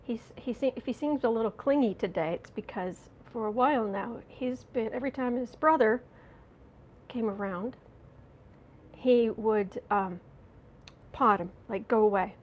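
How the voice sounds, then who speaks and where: Female host, American, rambling live-stream chat, slightly high voice, congested, frequent throat clearing. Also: unhurried, lo-fi sound. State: runny nose and watery eyes after a coughing fit. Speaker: astrology and tarot channel host.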